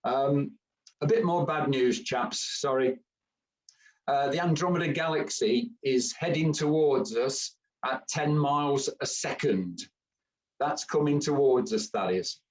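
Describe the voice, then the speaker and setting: A man's voice: medium pitch, a little slow, recorded from a distance, poor audio. A man giving a chatty, joking camera club talk with many fillers.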